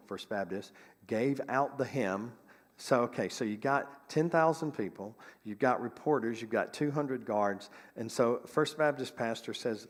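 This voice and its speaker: A man's voice: medium pitch, long reverb tail. A man presenting local history, reading an old newspaper account aloud with chatty asides, in a church sanctuary.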